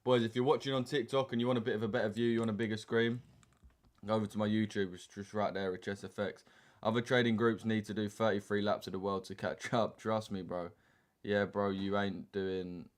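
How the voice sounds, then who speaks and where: A young man, hosting a trading live stream and chatting casually with viewers in slang while reading the chat aloud. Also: fairly low pitch. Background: keyboard typing and mouse clicks.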